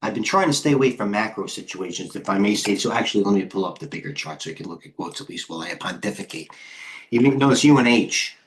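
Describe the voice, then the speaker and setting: Excitable middle-aged man commenting on charts. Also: deep voice. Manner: fast, excitable, talks to chat viewers while scanning charts. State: out of breath. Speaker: host and head trader. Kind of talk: live trading stream commentary.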